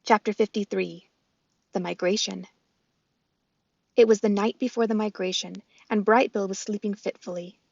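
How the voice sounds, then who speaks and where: A woman's voice: medium pitch, steady tone, normal speed, vocal fry, long pauses, dry recording, muffled recording. Woman reading a storybook aloud. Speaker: storybook reader. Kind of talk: read-aloud storybook narration.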